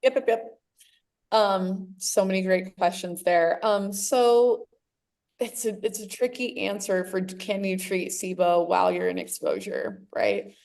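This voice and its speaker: An American woman speaking as a clinical guest on a video call, at a middle pitch. She explains in detail with eager, nerdy asides and keeps a conversational tone. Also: fairly even intonation, a little slow, vocal fry, a little mellow.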